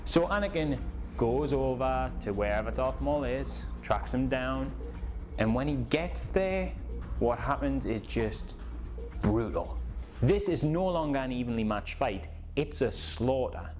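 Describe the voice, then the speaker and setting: A man narrating a story in a casual, animated way and acting out the scenes. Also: medium pitch, measured pace, over music. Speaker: YouTube creator.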